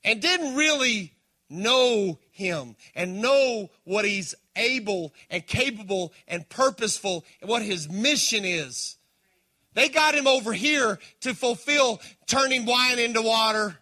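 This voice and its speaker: High, bright-voiced male preacher. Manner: impassioned preaching, swinging between loud emphasis and hushed appeals; calls out to the congregation. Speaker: pastor. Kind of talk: sermon.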